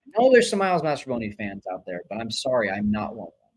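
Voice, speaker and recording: A man with a medium-pitched voice talks quickly over a rough recording while hosting a live baseball watch-along stream. He's excitable, flipping between cheering and griping about players, and he reads viewer chat messages aloud, names included.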